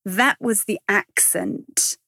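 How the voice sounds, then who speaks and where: A woman's voice: medium pitch, takes it slowly, vocal fry, sharp tone, no room sound, studio quality. A woman in her forties, a comedian from Iran, talking candidly and rambling a little in a casual interview. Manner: chatty, candid, rambling with self-corrections. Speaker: comedian guest.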